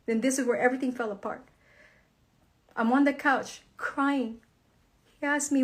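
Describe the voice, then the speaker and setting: A woman's voice: sits high, steady tone, moderate pace, long pauses. A tearful woman in an emotional monologue, swearing angrily as she recounts her marriage falling apart. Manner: angry, profane, tearful outbursts. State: crying. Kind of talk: emotional direct-to-camera monologue.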